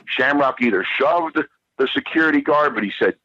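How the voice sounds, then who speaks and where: A man's voice: medium pitch, lively intonation, normal speed, bright, forceful tone, slightly rough, dry recording. A middle-aged man telling a profane, rambling story as a podcast guest, repeating himself as he goes. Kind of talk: casual storytelling. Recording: dull lo-fi audio.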